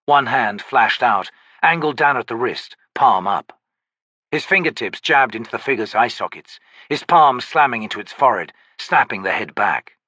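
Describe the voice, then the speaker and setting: With a bright, husky voice of medium pitch, a man narrates a fantasy audiobook, his melody lively and expressive. The storytelling is measured, and the recording is close and dry.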